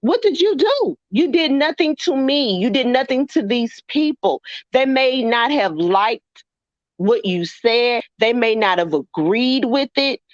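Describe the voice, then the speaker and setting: A higher-pitched woman talks bluntly and emphatically. Her voice comes through a dry, slightly muffled stream line. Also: expressive, measured pace, dry recording. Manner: blunt, teasing, emphatic with swearing. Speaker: co-host. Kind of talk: livestream chat.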